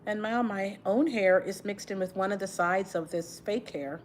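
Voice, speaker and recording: A woman's voice: medium pitch, normal speed. Middle-aged woman from Texas, livestream chat, subdued and sighing, close to tears; faint background noise. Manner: sighing often, subdued and grieving, talks while twisting her braids. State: holding back tears. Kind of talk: casual livestream chat while doing her hair.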